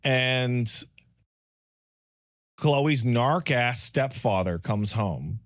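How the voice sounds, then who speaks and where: Animated man recapping a game, dry mic. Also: medium pitch, drawn-out words, no echo. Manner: animated storytelling, swearing, mock dialogue voices. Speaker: podcast co-host. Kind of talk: casual podcast chat, game recap.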